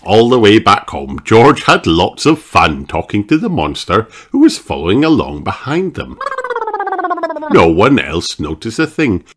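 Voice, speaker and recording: A man reading a children's picture book aloud, slow and expressive. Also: fairly low pitch, noisy background. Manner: slow, expressive, sing-song. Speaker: storybook reader.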